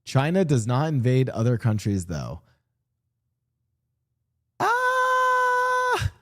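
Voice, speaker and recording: A man streaming and chatting casually about world politics, rambling and animated, often restarting his sentences and slipping into mock voices. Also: medium pitch, moderate pace. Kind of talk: casual livestream chat. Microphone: streaming desk mic.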